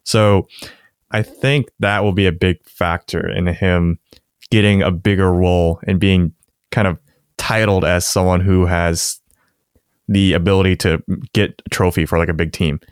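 A man co-hosting a casual football podcast, relaxed and chatty, laughing often and filling with "like". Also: sits low, measured pace, smooth, no echo, clean studio sound. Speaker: podcast co-host. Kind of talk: casual sports chat.

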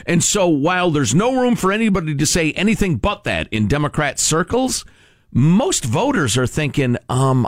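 Sarcastic talk radio co-host with a wildly swinging voice. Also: male voice, a little high, sing-song, normal speed, dry recording, clean studio sound. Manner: sarcastic, mock-outraged, emphatic.

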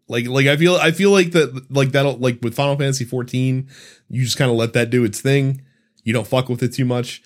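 A man in his thirties co-hosts a casual podcast chat, reading listener questions aloud in a brisk, mid-range voice. He's animated, laughs often, and swears casually.

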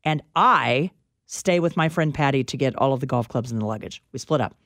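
A woman co-hosting a radio talk show, telling an anecdote in a dramatic, animated storytelling manner on a studio mic. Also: very deep voice, fairly quick, dry recording. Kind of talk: casual chat storytelling.

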